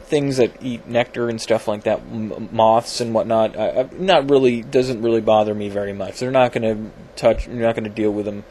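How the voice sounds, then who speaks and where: A man's voice: fairly low pitch, steady tone, normal speed, few pauses, darkish tone, slight background noise. A man talking casually in a science vlog from his home computer, rambling and self-deprecating, with many fillers and restarts. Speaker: video blogger.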